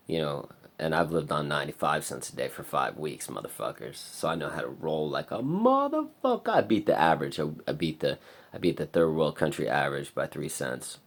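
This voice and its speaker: A man talking in a rambling, profane casual monologue for his vlog. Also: creaky. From United States. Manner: profane, rambling, breaks into loud high singing. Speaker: vlogger.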